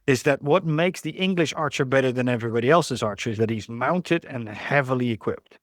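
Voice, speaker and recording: A man's voice: medium pitch, fairly quick, no echo, clean studio sound. A man who is a guest on a podcast, explaining history in a thoughtful, rambling way with many restarts. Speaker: guest, historical riding expert. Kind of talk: conversational explanation.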